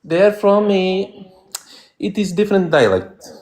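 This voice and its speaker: A man calling in with a thick, exaggerated put-on foreign accent and a fairly high voice. He plays a trolling guest and speaks in a slow, stilted way. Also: animated, darkish tone. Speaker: caller.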